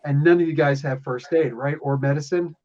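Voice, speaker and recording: A man runs a tabletop game, his voice sitting a little high. He jokes and laughs often as he narrates, and the recording sounds dull and lo-fi. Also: brisk, crowd noise. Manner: laughing often, loose and joking. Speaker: game master.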